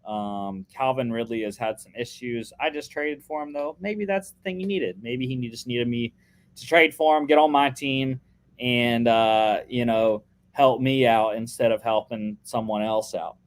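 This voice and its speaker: A man's voice: mid-range voice, moderate pace. A young man co-hosting a casual sports podcast, chatting through his football picks with lots of fillers and restarts.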